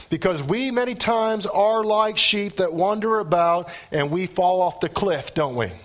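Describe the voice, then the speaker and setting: A man preaching a sermon, animated, with his voice rising and dropping for emphasis. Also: medium pitch. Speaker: pastor.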